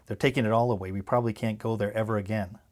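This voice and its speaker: A man's voice: fairly low pitch, steady tone, very fast, a little mellow, natural voice. A man reading the part of a worried, anxious mother who pleads and repeats herself. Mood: resigned. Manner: pleading, insistent repetition. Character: worried anxious mother, middle-aged woman.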